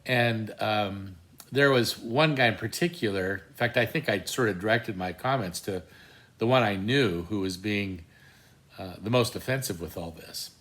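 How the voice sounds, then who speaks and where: Older man, lowish voice, relaxed storyteller, dry self-mocking humor, lots of ums and restarts. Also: normal speed. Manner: wry, self-deprecating, many fillers and restarts. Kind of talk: casual anecdote.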